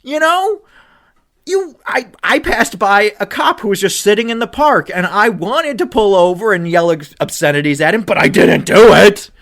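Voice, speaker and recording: A man on a podcast in full sports-rant mode, his fairly high voice lurching between quiet grumbles and heated, swearing outbursts. He talks casually and animatedly, piling on rhetorical questions. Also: moderate pace. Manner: animated, swearing, voice rising to near shouts when upset. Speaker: podcast co-host. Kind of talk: ranting sports chat.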